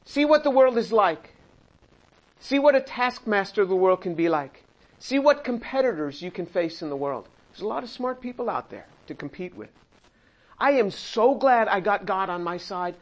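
An older man with a high voice leads a Bible study, talking through the verses in a conversational way. He acts out the voices he quotes and slips in small chuckles. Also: animated, moderate pace, muffled recording. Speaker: Bible teacher and chemist.

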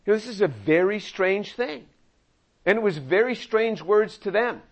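A man's voice: high voice, expressive, moderate pace, lo-fi sound. A man preaching a sermon, reading scripture aloud and acting out the quoted lines with humor. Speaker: pastor.

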